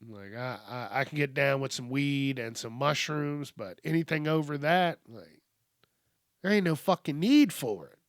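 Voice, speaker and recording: A man's voice: mid-range voice, expressive, normal speed, no room sound, clean studio sound. A male podcast host riffing casually on news stories, joking and swearing freely. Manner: profane, joking, rhyming asides.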